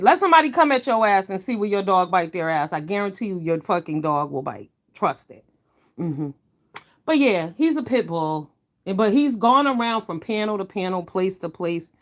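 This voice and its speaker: Woman vlogger, mid-pitched voice, blunt, heated, profane commentary rant. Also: lively intonation, moderate pace. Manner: emphatic, swings between low mutters and loud outbursts. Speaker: online commentator. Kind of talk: ranting commentary vlog.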